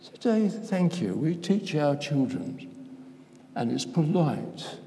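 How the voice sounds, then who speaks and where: A man's voice: a little high, big pitch swings, slow pace, warm tone, a little hiss or hum. An older man giving an informal sermon, chatty and self-interrupting, putting questions to the congregation. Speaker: preacher. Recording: long reverb of a church hall.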